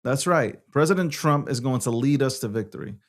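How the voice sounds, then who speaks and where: A man's voice: mid-range voice, lively intonation, a little fast. Male host from New York, punchy and repetitive, rides the volume up and down. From New York City. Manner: emphatic, repetitive, swings loud and soft. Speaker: show host. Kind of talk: opinionated political commentary.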